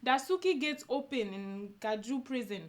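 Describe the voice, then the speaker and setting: A woman's voice: a little high, lively intonation, moderate pace, crowd noise. A woman co-hosting, reading listener emails aloud with mock seriousness and bursts of laughter.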